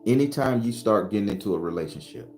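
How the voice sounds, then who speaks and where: A man's voice: lowish voice, expressive, quick pace, a little mellow. A man giving an emphatic, profane spiritual talk with a preacher-like cadence, speaking as the channel's host. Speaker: spiritual advisor. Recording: roomy echo with faint music.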